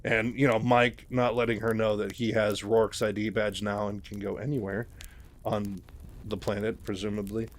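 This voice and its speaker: A man's voice: on the low side, little pitch movement, normal speed. A man casually retelling a novel, rambling with many fillers and asides.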